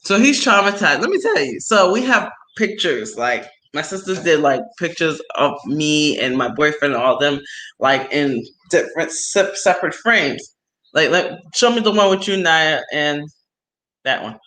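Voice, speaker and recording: A woman's voice: sits low, moderate pace, rough recording. A woman hosting a casual livestream on a phone, chatting with viewers and telling stories full of slang and laughter. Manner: animated storytelling with slang and laughs. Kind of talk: casual chat.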